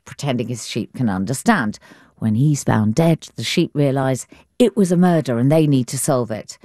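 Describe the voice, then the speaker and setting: Low-voiced woman presenter, dry sound. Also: warm tone, no echo. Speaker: radio presenter. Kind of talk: scripted presenting.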